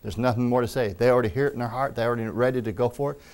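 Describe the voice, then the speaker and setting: A male preacher delivering a teaching sermon in an ordinary middle-pitched voice. He preaches emphatically and calls out amen with enthusiasm. Wry little asides and jokes slip in between points. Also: steady tone, racing, darkish tone.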